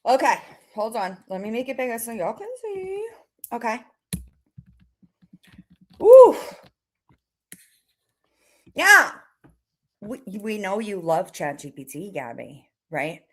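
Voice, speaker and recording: A woman's voice: mid-range voice, very animated, normal speed, sharp tone. A woman hosting a mocking reaction commentary, talking straight to the person she criticizes in a sarcastic, taunting way and reading items aloud as a list. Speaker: commentary host.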